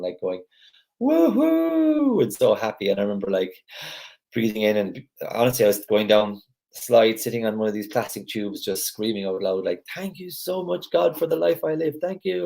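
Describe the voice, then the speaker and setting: A man's voice: on the low side, vocal fry, a little mellow. A man leading a gratitude group on a live video call, talking casually in a chatty, rambling way with lots of restarts.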